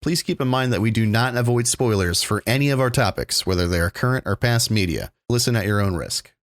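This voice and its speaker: A man's voice: on the low side, animated, a little fast, background noise. A man hosting a podcast, easygoing and wry in casual chat. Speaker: podcast host.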